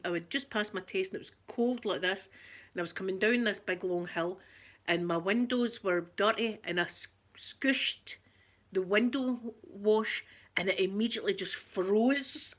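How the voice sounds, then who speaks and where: A middle-aged Scottish woman chatting softly for an ASMR video, telling stories in a relaxed, rambling way with local words. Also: mid-range voice. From Scotland. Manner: chatty storytelling, local words like wee and yous. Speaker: ASMR creator. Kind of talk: soft-spoken ASMR chat.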